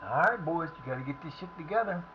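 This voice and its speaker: A middle-aged man with a fairly high voice talks casually through a live game stream, swearing freely and breaking into excited shouts when a play goes wrong or right. The audio is dull and lo-fi, with a faint hiss underneath. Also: fast talker. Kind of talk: casual live commentary while playing.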